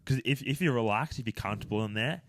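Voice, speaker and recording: A young man co-hosting a casual podcast, hyping plans with deadpan mock-serious banter. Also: medium pitch, fast talker, a little hiss or hum. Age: young adult. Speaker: podcast co-host.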